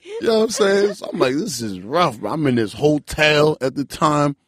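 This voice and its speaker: Man in his twenties telling a story, husky. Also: a little high, normal speed. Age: 20s. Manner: animated, loose, says "bro" and "like" a lot. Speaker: podcast guest. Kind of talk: casual storytelling.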